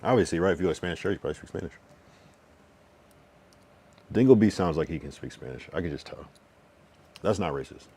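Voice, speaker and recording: A man's voice: sits low, expressive, dark tone, husky. A young man livestreaming, casually reading his chat aloud and teasing viewers with slangy, swearing banter in a loose, rambling way. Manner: loose, rambling delivery with restarts and drawn-out counting.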